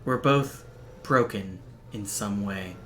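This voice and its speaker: A man streaming a game, reading its visual novel text aloud in a steady, even narration broken by quick, dry asides. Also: lowish voice, a little hiss or hum. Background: faint game music.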